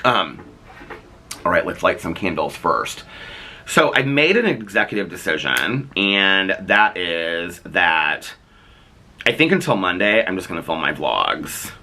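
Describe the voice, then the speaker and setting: A man's voice: deep voice, sing-song, measured pace, pushed and bright. A man vlogging to camera in casual chat, rambling along with plenty of fillers and restarts. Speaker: daily vlogger.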